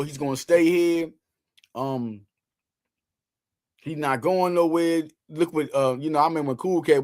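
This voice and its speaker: A man's voice: on the high side, no echo, clean studio sound. A man hosting a casual sports talk show, emphatic and slangy, repeating lines for effect.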